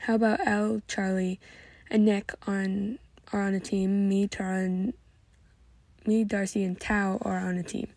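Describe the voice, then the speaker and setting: A woman's voice: medium pitch, flat delivery, measured pace, darkish tone, no room sound. A woman voicing an upbeat teenage girl eagerly organizing her friends.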